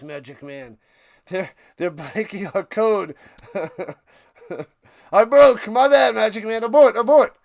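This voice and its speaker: With vocal fry in his fairly high voice, a live-stream host gives casual play-by-play of American football, peppering it with joking, wandering remarks.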